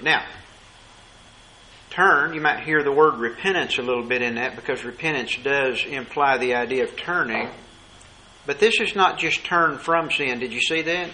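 A man preaching a sermon, asking rhetorical questions and slowing down to stress key words. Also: mid-range voice, pushed and bright, slight background noise, rough recording.

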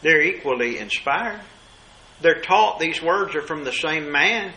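A man preaching a sermon, asking rhetorical questions and slowing down to stress key words. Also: fairly high pitch, expressive, bright, forceful tone, low-quality recording.

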